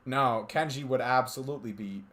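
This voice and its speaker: This man has a mid-range, slightly bright voice and speaks at a moderate pace. Streaming alongside friends, he reads visual novel narration steadily, breaking between passages to laugh, banter and chat casually.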